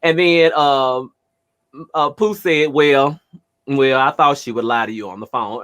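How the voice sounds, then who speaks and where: A man co-hosting a radio talk show, telling stories in an animated, theatrical way. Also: mid-range voice, a little slow, clean tone. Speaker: radio co-host. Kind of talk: casual storytelling chat.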